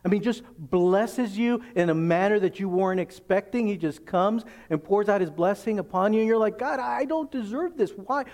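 Male pastor, slightly higher voice, casual preaching that acts out little scenes and questions the room. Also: moderate pace, hardly any pauses, a little mellow. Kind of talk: sermon.

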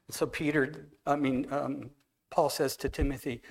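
A man preaching a relaxed, anecdotal sermon to a church congregation, telling stories and talking with people in the room. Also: mid-range voice, measured pace, vocal fry. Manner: conversational, anecdotal, walks among the congregation. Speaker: guest preacher. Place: church hall.

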